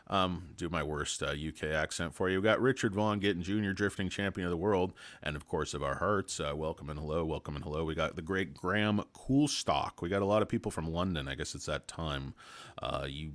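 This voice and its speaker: This stock livestream host has a deep voice with a fairly bright tone and talks fairly quickly. In a casual stream he rambles from point to point, cracks crude jokes, and says hello to viewers in chat by name.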